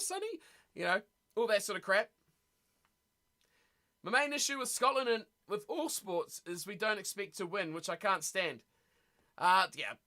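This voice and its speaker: A man's voice: high voice, bright, forceful tone. A man hosting a rugby watch-party stream, ranting bluntly in casual chat and reacting to viewer comments.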